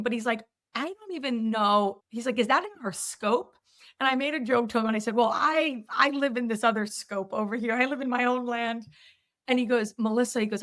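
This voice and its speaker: A woman podcast host and myofunctional therapist telling a story in conversation, acting out the quoted dialogue with energy. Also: fairly high pitch. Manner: animated, acts out quoted dialogue in her stories.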